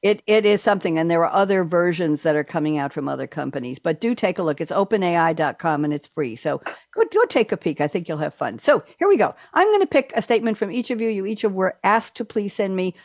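Chatty, low-voiced talk show host woman. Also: fast talker, few pauses, no room sound, studio quality. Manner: chatty, animated, playful. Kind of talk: radio talk show hosting.

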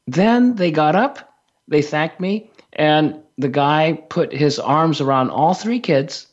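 A man telling a personal story on a talk radio show, halting with many fillers and restarts. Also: on the high side. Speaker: radio show guest teacher. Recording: dull lo-fi radio audio.

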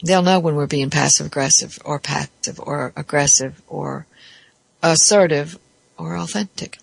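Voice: mid-range voice, measured pace, gravelly, slightly rough, no echo. A therapist giving a reflective podcast talk, explaining ideas step by step in a thoughtful way.

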